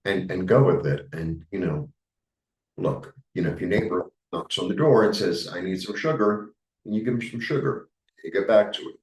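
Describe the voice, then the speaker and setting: A man with a New York accent giving a rambling, halting tarot reading, full of fillers. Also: deep voice, a little mellow, reverberant, distant mic, rough recording. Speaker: tarot reader. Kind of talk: casual spiritual monologue.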